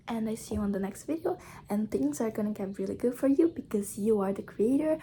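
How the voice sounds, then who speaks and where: Brazilian-accented woman vlogger, mid-pitched, earnest self-help pep talk, repeats her points simply. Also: animated, a little fast, background noise. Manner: earnest, repetitive, simple phrasing. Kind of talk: casual motivational chat.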